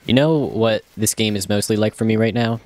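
A man's voice: fairly low pitch, brisk, darkish tone, dry recording. A young man casually commentating his own gameplay, chatty and joking, talking to himself as he plays. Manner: chatty, talks to himself, jokey and self-mocking. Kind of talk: casual let's-play commentary.

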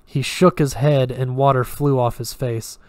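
A man reads a horror story aloud, measured and steady, occasionally stumbling over a word. His voice is at an ordinary male pitch and stays flat, and the recording is close and dry with no room sound.

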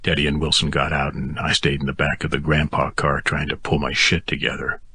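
A man reads a first-person audiobook in a steady, intimate way. His voice is very deep and markedly husky, with a bright, forceful edge. The close mic sounds dry. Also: a little fast, no echo. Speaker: audiobook narrator.

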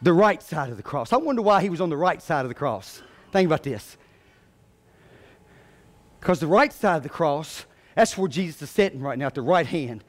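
A male pastor preaching a sermon, swinging between quiet talk and loud shouted climaxes. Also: a little high, expressive, moderate pace, long pauses.

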